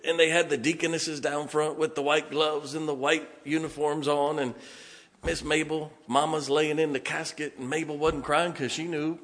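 A man's voice: a little high, moderate pace. A man preaching a sermon as pastor, folksy and joking, telling stories and raising his voice for emphasis. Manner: lively, raises voice for emphasis.

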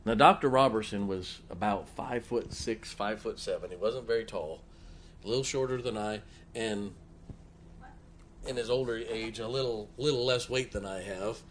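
A man's voice: on the low side, moderate pace, a little hiss or hum. Middle-aged guy preaching, folksy stories, keeps asking the crowd questions. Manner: folksy storytelling, rhetorical questions to the congregation. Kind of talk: sermon with personal stories.

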